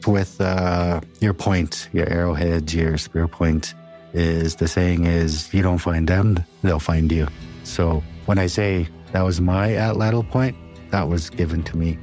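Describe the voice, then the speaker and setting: Deep-voiced calm man telling a personal story. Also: a little slow, soft background music. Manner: reserved, calm, with bursts of excitement.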